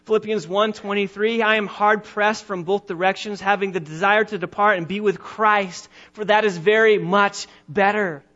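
A high-pitched pastor with a steady, bright, forceful tone preaches emphatically, slowing and rising on the key phrases he wants to stress. The highs in the recording are cut off.

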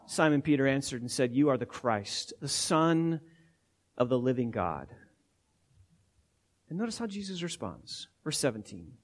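A man's voice: mid-range voice, very animated, normal speed. A man preaching an expository sermon as pastor, teaching emphatically word by word with frequent repetitions.

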